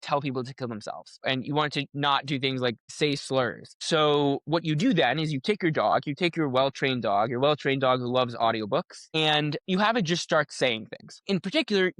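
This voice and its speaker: A man's voice: mid-range voice, lively intonation, moderate pace, few pauses, a bit bright, no echo. A man, a podcast guest and AI safety researcher, explaining a technical idea in casual chat through playful analogies, often restarting his sentences.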